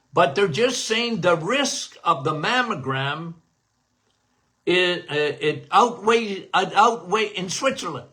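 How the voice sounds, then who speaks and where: With a slightly high, bright and forceful voice, a middle-aged doctor hosts a health Q&A podcast. He addresses his audience as guys, keeps things casual and repeats phrases to drive points home.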